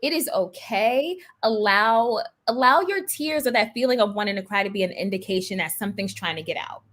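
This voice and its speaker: A woman's voice: medium pitch, expressive, brisk, fairly bright tone. A woman therapist speaking to teen girls in a panel discussion, emphatic and encouraging.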